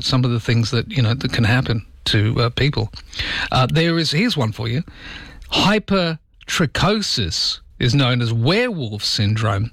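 Chatty radio host, dry studio sound. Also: male voice, medium pitch, dry recording. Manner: chatty, animated, asks listeners rhetorical questions. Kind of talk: casual talk radio chat. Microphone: studio microphone.

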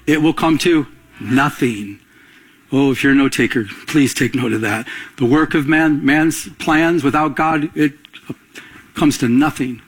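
Husky middle-aged male pastor preaching. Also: mid-range voice, unhurried, rough recording. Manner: call-and-response preaching, rising to emphatic peaks. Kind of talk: sermon.

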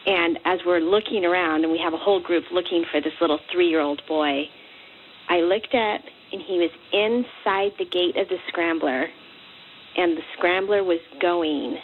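A woman's voice: fairly low pitch, normal speed, narrow, tinny audio, a little hiss or hum. A woman, a mother and wife, earnestly recounting a personal anecdote. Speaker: listener telling her story.

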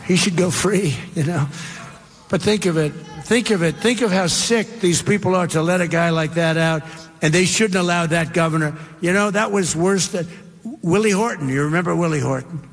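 A man's voice: fairly high pitch, normal speed, big-room sound. A man giving emphatic political commentary, driving his points home by repeating them.

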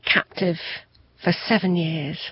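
Gently prompting interviewer. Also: medium pitch, fairly even intonation, slow pace, muffled recording, slight background noise. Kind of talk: interview questions.

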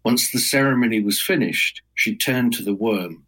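A man telling a folk tale aloud in a measured, dramatic storytelling manner, as a guest on a talk program. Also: fairly low pitch, a bit bright, husky, rough recording.

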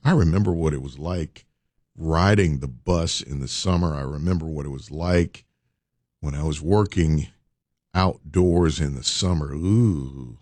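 A man's voice: rumbling low, unhurried, darkish tone, dry recording. A man hosting a radio show, urging listeners with preacher-like repetition. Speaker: radio host. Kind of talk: morning radio talk.

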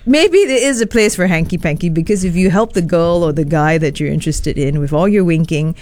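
A woman with a Singaporean accent hosting a morning radio show, bubbly and quick to laugh, moving from chat to traffic updates. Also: on the low side, a little mellow. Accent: Singaporean English. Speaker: radio host.

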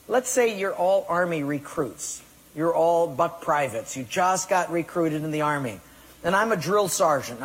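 In a large reverberant hall, a pastor with a high-sitting, slightly rough voice preaches with emphatic delivery. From time to time he plays out the excuses his listeners make.

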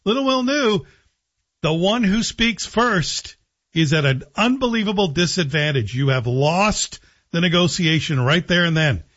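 A man's voice: a little high, lively intonation, measured pace, fairly bright tone, husky, muffled recording. A man hosting a talk radio show, giving sardonic, opinionated commentary. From Scotland.

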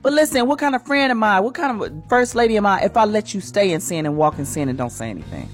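A woman's voice: medium pitch, big pitch swings, fast talker, faint music behind. A woman hosting a morning radio show, giving an emphatic, preachy inspirational talk in a sermon style. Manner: preachy, emphatic, acts out quoted voices.

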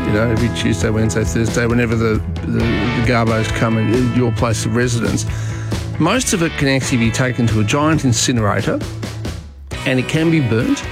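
An Australian man hosting a talkback radio show, chatty and opinionated, speaking into a studio microphone. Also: mid-range voice. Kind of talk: talkback radio monologue and calls.

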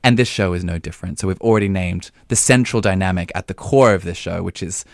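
Deep-voiced man reviewing theatre. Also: dry recording, clean studio sound. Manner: animated, quick, laughs often, many fillers. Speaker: podcast co-host, theatre critic. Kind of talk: casual review chat.

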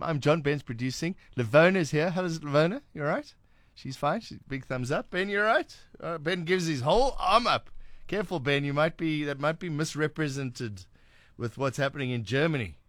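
A man's voice: fairly high pitch, no room sound. A man with a South African accent hosting a late-night radio talk show, chatting wryly and sarcastically with many restarts. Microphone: studio microphone.

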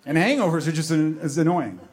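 A man telling stand-up stories about himself, quick and self-mocking. His voice is a touch high for a man. The delivery moves fast. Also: slightly rough. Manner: self-deprecating, storytelling. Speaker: stand-up comedian. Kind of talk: stand-up comedy.

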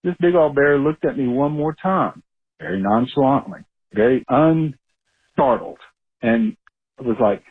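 A male caller tells his story with animated energy, his voice a bit husky. The sound is thin and narrow, like a phone line. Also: mid-range voice, measured pace, pauses often.

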